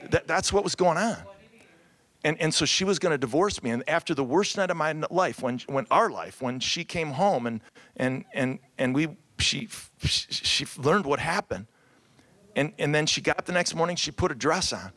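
This middle-aged Cleveland, Ohio pastor has a fairly high pitch and a brisk delivery as he speaks to ministry couples at a conference. Lively and joking, he calls out to the audience and frequently repeats words; the room has round tables, though the recording carries no room sound.

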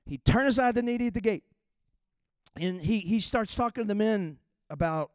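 A man's voice: sits high, lively intonation, moderate pace, dry recording, clean studio sound. A middle-aged man preaching a sermon in a conversational, folksy way, reading scripture with emphatic punch. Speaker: pastor.

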